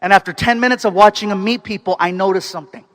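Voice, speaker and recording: A man performing stand-up comedy, telling a story in an animated way with bursts of excited shouting. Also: high voice, fast. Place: stage before a live audience.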